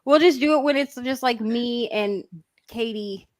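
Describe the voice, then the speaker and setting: A woman's voice: fairly high pitch, a little slow, dry recording. A woman co-hosting a casual livestream, playful and rambling. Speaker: co-host.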